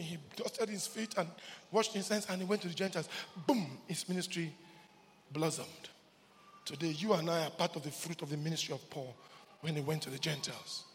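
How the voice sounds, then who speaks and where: A man preaching a sermon as pastor in a church, swinging from hushed lines to shouts and repeating key words. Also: fairly high pitch, brisk, big-room sound, slight background noise.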